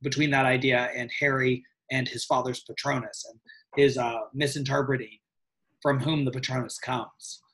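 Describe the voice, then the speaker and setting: A man talks through ideas in a relaxed podcast chat, voice sitting at an ordinary middle pitch. He is thoughtful and wanders from point to point, chuckling now and then. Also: normal speed, poor audio. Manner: thoughtful, digressive, chuckles often. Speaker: podcast co-host. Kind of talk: casual book discussion.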